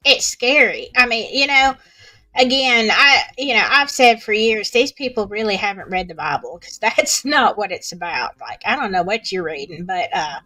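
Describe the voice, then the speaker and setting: A woman's voice: mid-range voice, lively intonation, normal speed, bright, forceful tone, no room sound. A middle-aged woman with a Southern American accent, chatting expressively on a podcast and laughing often. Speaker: podcast co-host. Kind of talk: casual podcast chat.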